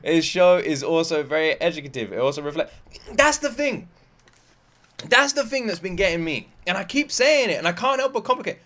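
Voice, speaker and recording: A man with a British accent giving casual reaction commentary, excitable and swearing often. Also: sits high, fairly quick. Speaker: reaction video host.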